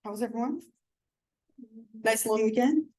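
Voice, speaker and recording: A woman teaching a psychology class in a classroom, chatty and animated, her voice sore and strained. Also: fairly high pitch, measured pace, poor audio. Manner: chatty, animated, peppers talk with "like" and "right?". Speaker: psychology instructor. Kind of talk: classroom lecture. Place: college classroom.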